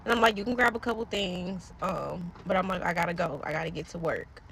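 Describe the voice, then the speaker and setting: A woman's voice: on the low side, a little fast, vocal fry, fairly bright tone, slight background noise. A woman earnestly recounting a personal faith story to her followers. She rambles, trails off and keeps speaking to viewers directly. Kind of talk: casual spoken testimony to followers.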